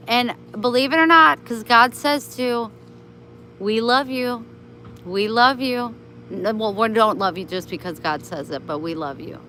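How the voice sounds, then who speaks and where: A woman's voice: a little high, a little slow, sharp tone, a little hiss or hum, poor audio. A woman chatting on a casual live stream, talking kindly and motherly to her viewers and her pets.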